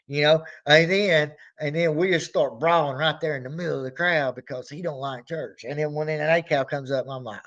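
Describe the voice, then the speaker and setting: A man's voice: a little high, normal speed, few pauses, lo-fi sound. A man hosting his reaction channel, chatting casually and rambling, now and then acting out little skits. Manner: rambling, drawling, acts out skits with mock shouting.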